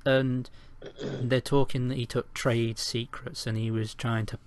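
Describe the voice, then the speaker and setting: A man's voice: mid-range voice, flat delivery, unhurried. A man hosting a casual podcast chat, opinionated and emphatic as he talks. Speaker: podcast host.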